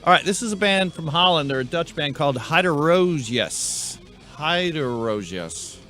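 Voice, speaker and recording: A man's voice: a little high, fast talker, bright, forceful tone, faint music behind. A man hosting a casual chat show, rambling and tripping over band names. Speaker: host.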